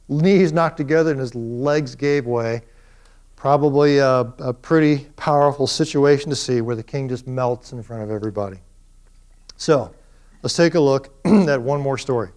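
A middle-aged man giving a classroom lecture, telling stories with energy and acting out the quoted lines. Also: medium pitch. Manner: animated storyteller, acts out quoted speech. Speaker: professor.

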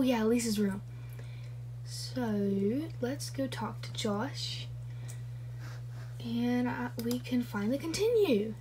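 Young woman YouTube gamer, slow rambling play-along chat, slightly high voice, faint hiss. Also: a little mellow. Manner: chatty and rambling, with frequent laughs and self-corrections. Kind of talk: casual gameplay commentary.

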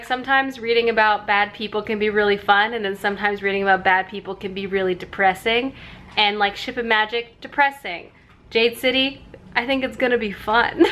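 A woman's voice: mid-range voice, pushed and bright. Chatty young woman vlogging at home. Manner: chatty, upbeat, filler-heavy. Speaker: booktube vlogger. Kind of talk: casual vlog chat. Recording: faint background noise.

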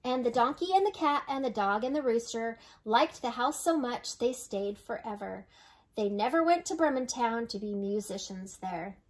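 An older woman reading a storybook aloud to children, gentle and unhurried, slowing on dramatic phrases. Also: a little high, lively intonation. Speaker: storybook reader.

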